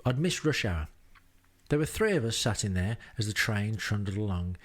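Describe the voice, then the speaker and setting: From a rented home, a podcast host from England tells his travel diary in a wry, self-deprecating manner. He has a lowish, expressive voice and talks at a normal speed.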